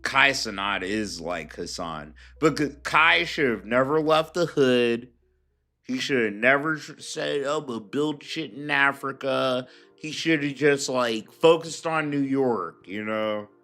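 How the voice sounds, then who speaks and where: A man's voice: medium pitch, expressive, measured pace, bright, forceful tone, faint music behind. A man ranting casually and profanely while reacting to clips on his stream. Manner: profane, rambling, emphatic. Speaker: streamer commentator. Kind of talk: casual commentary rant.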